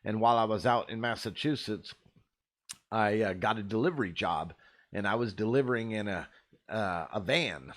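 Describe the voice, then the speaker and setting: A man's voice: on the low side, normal speed. A man host telling rambling, profane stories in a laid-back, casual way. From Arizona. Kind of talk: casual storytelling.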